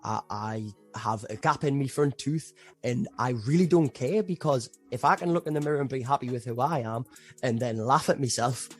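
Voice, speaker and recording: A man's voice: medium pitch, moderate pace, slightly rough, faint music behind. A young man with a Geordie accent, a guest musician in a casual podcast chat, mocking himself and laughing often.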